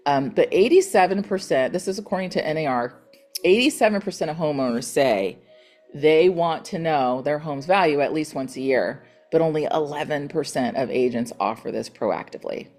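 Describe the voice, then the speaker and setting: On a motivational call for her real estate team, a middle-aged woman is chatty and encouraging, retelling conversations with lively voices for the people she quotes. Her voice is low and her speed normal, with faint music in the background.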